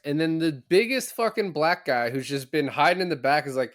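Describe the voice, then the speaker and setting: A man's voice: on the high side, fairly quick, hardly any pauses, a bit bright, no room sound, clean studio sound. A man co-hosting a podcast, chatting casually about a movie in a rambling, joking way and acting out characters' lines. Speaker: podcast co-host. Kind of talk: casual movie review chat.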